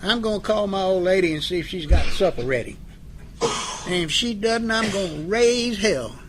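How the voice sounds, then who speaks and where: A middle-aged man who speaks on addiction recovery tells stories to a live audience in a fairly high, expressive voice at normal speed. His delivery is folksy and joking, and he acts out both sides of a couple's arguments, with a faint hiss of background noise underneath.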